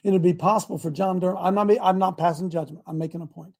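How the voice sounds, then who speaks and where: A man hosting a call-in talk show who preaches and builds up to shouting. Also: high voice, steady tone, quick pace, creaky. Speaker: show host.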